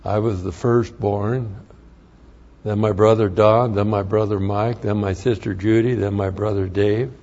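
An older man giving an earnest, plain-spoken personal testimony, with halting restarts as he tells his story. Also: on the low side, steady tone, darkish tone. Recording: dull lo-fi recording.

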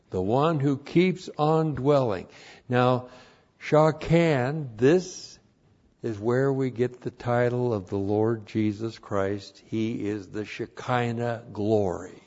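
A male pastor teaches at an unhurried, measured pace, lingering over each Hebrew term. His voice sits in an ordinary middle register and swells louder when he drives a point home. The recording is muffled and lo-fi. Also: medium pitch. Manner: slow, deliberate, spells out Hebrew words letter by letter; builds to emphatic, louder passages. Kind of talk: Bible teaching sermon with Hebrew word study. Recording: dull lo-fi sermon recording.

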